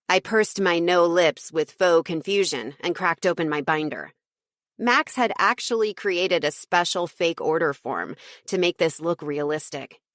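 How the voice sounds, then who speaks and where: A woman narrating a first-person audiobook with a snarky, wry edge. Her voice sits on the lower side for a woman. The read is close-miked and dry, with no room sound. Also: normal speed, fairly bright tone, no room sound.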